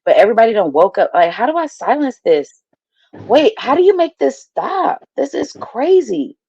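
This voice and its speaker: A woman hosting a live stream in a blunt, casual way. She loses patience fast and swears at her viewers. Her voice has a gravelly edge and comes through dry and muffled, like lo-fi stream audio. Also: a little high, sing-song, mellow, no echo. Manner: blunt, exasperated, swears at chat.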